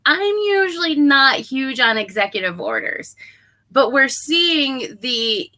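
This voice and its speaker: A woman's voice: sits high, animated, slow, pushed and bright. A woman co-hosting a casual political talk show, speaking earnestly and hopefully, often adding "right?". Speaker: co-host.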